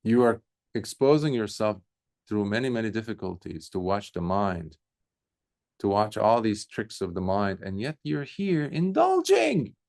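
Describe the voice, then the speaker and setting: A man's voice: big pitch swings, measured pace, gravelly, a little mellow, exaggerated voice. A man voicing a stern male earth spirit who scolds a monk in a story told during a dharma talk. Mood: scolding. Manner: shrill accusing outbursts.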